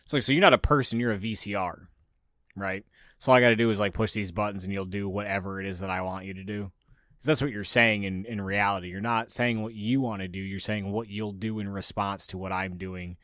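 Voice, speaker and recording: Man, podcast host, low voice, dry sound, casual profane rant. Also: fairly even intonation, a little fast, a bit bright, dry recording. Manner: profane, ranting, mocks others in raised voices. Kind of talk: casual opinionated monologue.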